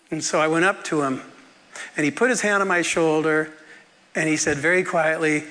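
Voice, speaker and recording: A man telling a personal story in a sermon, animated and often laughing as he acts out the people in it. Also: a little high, moderate pace, in a large hall. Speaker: preacher.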